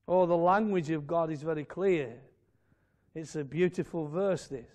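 A man preaching a fervent sermon in a church, swelling to loud emphatic peaks and dropping to quiet asides. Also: high-pitched, normal speed. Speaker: pastor.

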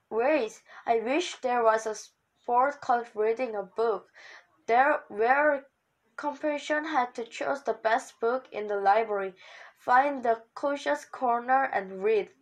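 A woman's voice: fairly high pitch, low-quality recording. A female reader reading a children's novel aloud, with slips and restarts. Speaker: book reader.

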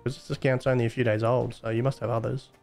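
A man's voice: mid-range voice, little pitch movement, fast talker, vocal fry, darkish tone, soft background music. A young man admin on a game live stream, casually teasing and mocking players he catches cheating.

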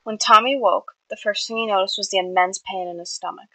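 A woman reads her own fiction aloud at a middle pitch, in a plain manner with small slips and fixes. The recording is dry and close, with no room sound. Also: steady tone, brisk, bright, forceful tone, no room sound, poor audio. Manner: plain reading with small slips and self-corrections. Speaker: fiction reader.

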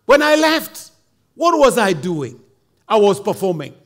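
A man's voice: high voice, very animated, a little slow, fairly bright tone. A man with a Kenyan accent preaching a sermon as a bishop, emphatic, slipping in Swahili and Kikuyu asides.

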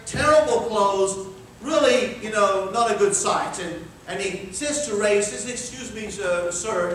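A high-voiced man preaches in a church, recorded from far off so his voice rings through a big echoing hall with faint room noise behind. He tells his story with animated acted-out dialogue. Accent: Scottish-rooted. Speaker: pastor. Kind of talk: sermon storytelling.

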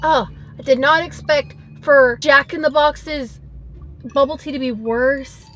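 A woman's voice: high-pitched, a little slow, fairly bright tone, faint music behind. A young woman reviewing drinks in her parked car for a vlog, talking in a dramatic, over-the-top way about what she tastes. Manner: dramatic, exaggerated disgust. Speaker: vlogger.

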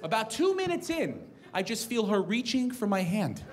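Profane, exasperated stand-up comedian. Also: male voice, sits high, big pitch swings, moderate pace. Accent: New York. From New York. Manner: profane, exasperated ranting with acted-out dialogue. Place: comedy club stage before a live audience. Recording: live club recording with crowd and room noise.

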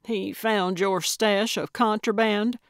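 A feisty old lady sleuth, as a woman narrator puts her on, blunt and sarcastic with a sharp tongue. She speaks slowly and deliberately in a dry, close recording. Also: mid-range voice, steady tone, dry recording. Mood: sardonic.

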